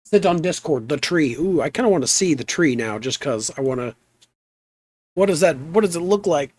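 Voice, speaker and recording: A young man chatting in a relaxed, rambling way while streaming a game, trailing off into asides. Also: on the high side, moderate pace, no room sound. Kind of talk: relaxed live stream chat.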